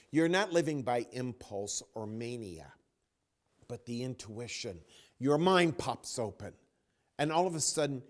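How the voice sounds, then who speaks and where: A man giving a spiritual talk as a teacher, telling a story with dramatic pauses and dropping to a near whisper. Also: mid-range voice. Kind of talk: spoken dharma talk.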